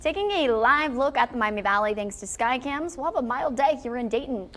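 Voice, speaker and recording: A woman's voice: sits high, animated, fairly quick, fairly bright tone, faint music behind. A woman co-anchoring morning TV news, easygoing and giggly in the banter. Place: TV news studio.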